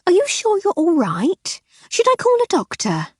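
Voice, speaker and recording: A woman voicing a fussy, sharp-tongued wealthy wife in her fifties in an audiobook. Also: extremely high pitch, wildly swooping pitch, moderate pace, dry recording, studio quality, pitched above the performer's own voice, exaggerated voice. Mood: fussing. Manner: gushing, then icy and sharp. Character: shrill fussy rich middle-aged wife.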